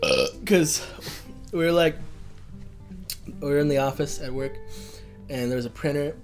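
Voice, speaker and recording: A man's voice: on the high side, moderate pace, creaky. A young man co-hosting a casual podcast, joking around, laughing and mimicking accents. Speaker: podcast co-host. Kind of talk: casual chat. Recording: faint guitar music behind.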